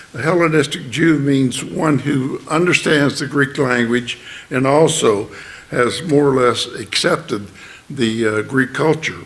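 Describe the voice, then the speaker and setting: A man giving a sermon, explaining plainly in a halting way with many fillers and restarts. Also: medium pitch. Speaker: church speaker.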